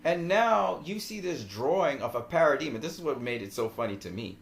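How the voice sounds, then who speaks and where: Brief: a male movie vlogger, rambling and excitable, whose pitch swings widely, with a faint hum behind him. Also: a little fast, creaky. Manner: animated, laughs often, rambling. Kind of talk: casual film commentary.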